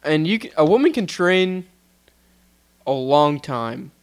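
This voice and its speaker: A man's voice: a little high, animated, slow pace. Laid-back young man chatting. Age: young adult. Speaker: podcast co-host. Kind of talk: casual chat.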